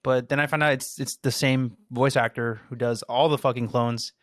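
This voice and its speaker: A man co-hosts a podcast in casual chat, enthusiastic and swearing freely. His medium-pitched voice has fairly even intonation at a normal speed, captured in clean studio sound with no room noise.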